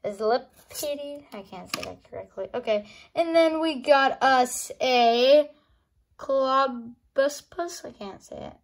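A woman opening trading cards for a casual vlog, excitable and gasping, often calling out to her viewers, recorded on a phone. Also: high-pitched, slow pace. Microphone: phone on a charger.

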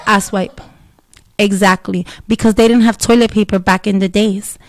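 A woman telling a story in blunt, profane, animated casual talk, with Spanish words dropped in. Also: mid-range voice, moderate pace.

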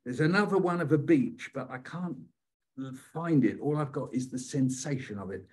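An older British poet leads a writing workshop, telling childhood stories playfully and repeating phrases rhythmically. His fairly high, husky voice is animated and darkish in tone, at a normal speed.

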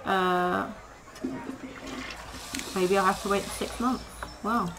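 A woman's voice: mid-range voice, steady tone, takes it slowly. A woman casually commenting on her gameplay, chatting to the animals in the game and laughing often. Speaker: gaming video creator. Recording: noisy home recording.

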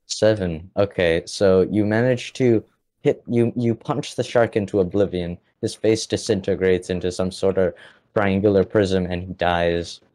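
Low-voiced halting game master man. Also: steady tone, darkish tone. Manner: halting, full of fillers and restarts. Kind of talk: narrating a tabletop game.

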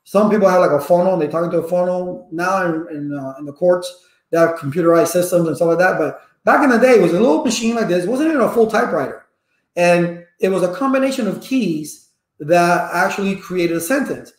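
A man talking casually to viewers as a networking instructor, a lively storyteller full of personal anecdotes. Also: sits high, brisk. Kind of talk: casual rambling talk to viewers. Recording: echoey room.

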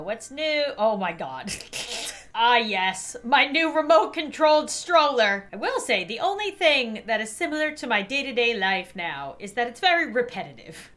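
A young woman, a YouTuber, playing a mobile game and reacting in a joking, animated way with frequent laughter. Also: on the high side. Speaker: gaming YouTuber.

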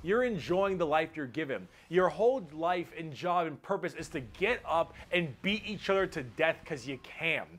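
A man with a somewhat high voice runs through a comedic explainer, excitable and profane. He keeps it jokey and loose, piling up rapid asides and crude punchlines. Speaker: video narrator. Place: played from a video inside a reaction stream.

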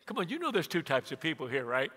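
A man's voice: on the high side, very animated, fast, pushed and bright. A man in his sixties preaching a sermon as a pastor, telling humorous family stories and acting out conversations. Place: church sanctuary. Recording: long hall reverb.

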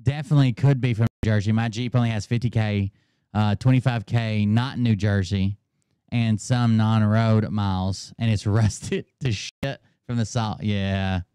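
A man's voice: lowish voice, steady tone, moderate pace, dark tone, clean tone, dry recording. A man hosting a casual commentary show, rambling and mocking the clips he plays, talking into a close mic. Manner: rambling, mocking, laughs often. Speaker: host reacting to clips.

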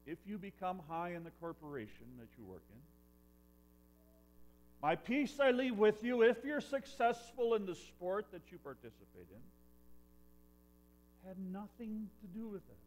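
Animated, earnest male pastor preaching. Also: high voice, normal speed, a little hiss or hum. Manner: earnest preaching with swings from loud to hushed. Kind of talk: sermon. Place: church.

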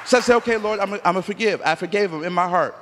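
A man preaching a sermon, telling stories with acted-out dialogue and rising to emphatic near-shouts. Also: high voice, rapid-fire, background noise. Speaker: pastor. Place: church sanctuary. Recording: long church hall reverb.

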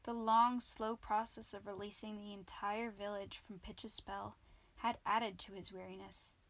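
A woman narrating a children's book in an amateur audiobook, reading lively. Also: mid-range voice, a little slow. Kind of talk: children's book read-aloud.

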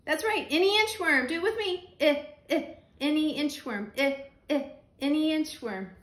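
A woman teaching a phonics lesson to young children, slow and patient, repeating the letter sounds. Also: high voice, lively intonation, a bit bright, reverberant.

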